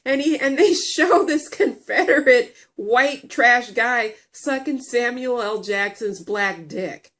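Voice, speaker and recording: Animated, profane woman vlogger telling a story. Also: sits high, unhurried, hardly any pauses. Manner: animated storytelling, blunt and profane, stumbles and repeats words. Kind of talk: casual commentary vlog.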